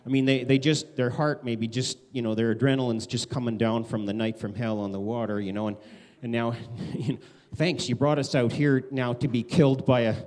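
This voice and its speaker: Animated man preaching a sermon. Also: fairly quick, few pauses. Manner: animated, conversational, acts out quotes with big pitch swings. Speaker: pastor.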